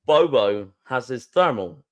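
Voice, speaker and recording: A man co-hosting a podcast, telling a story in an excitable way, laughing and restarting often. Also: medium pitch, measured pace, dull audio. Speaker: podcast co-host. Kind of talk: casual storytelling chat.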